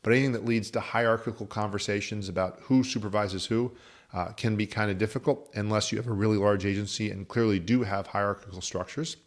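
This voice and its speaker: A man's voice: lowish voice, fairly even intonation, quick pace. A man teaching as a business coach, explaining methodically with worked examples. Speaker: insurance agency coach. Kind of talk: instructional talk.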